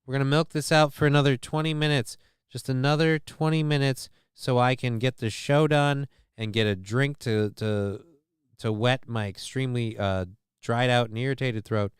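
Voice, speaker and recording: A man's voice: medium pitch, steady tone, moderate pace, smooth, no echo, studio quality. A man hosting a livestream show, chatting casually with a profane, sarcastic, rambling manner.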